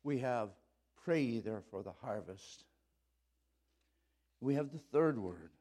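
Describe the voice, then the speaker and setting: Slow and animated, a middle-aged pastor tells a story during a church sermon. He alternates between loud exclaiming and low, earnest passages.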